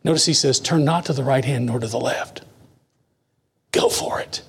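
A man preaching a sermon, reading scripture slowly and dropping to hushed asides between emphatic lines. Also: mid-range voice, breathy edge. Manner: reads scripture slowly and deliberately.

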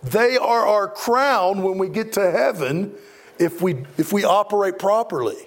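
A middle-aged man delivers a sermon from the pulpit. His voice sits a little high for a man. He is emphatic and repeats words as he presses his points. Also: measured pace. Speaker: preacher.

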